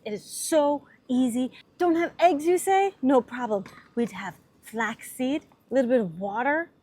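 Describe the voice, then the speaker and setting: A woman's voice: a little high, a little mellow, husky. A young adult woman hosting a casual cooking vlog, chatty and playful as she demonstrates outdoors. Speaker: host. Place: outdoors at a cabin.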